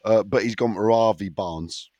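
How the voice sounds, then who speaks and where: A man's voice: on the low side, moderate pace, darkish tone, no room sound. A man with a sore throat hosting a listener question segment in casual podcast chat, rambling and teasing, often tripping over his words.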